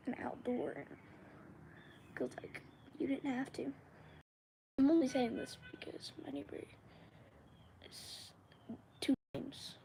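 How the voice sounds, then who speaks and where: A young woman with a high, mellow voice hosts a casual live Q&A, rambling to her viewers at an unhurried pace. She sometimes slips into a whisper mid-thought. A faint background noise sits under her voice. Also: gravelly. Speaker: livestream host.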